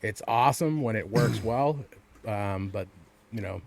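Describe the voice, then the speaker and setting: A man's voice: on the low side, unhurried, gravelly, a little mellow. A man co-hosting a podcast in casual chat, rambling with frequent stammered restarts and swearing. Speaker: podcast co-host.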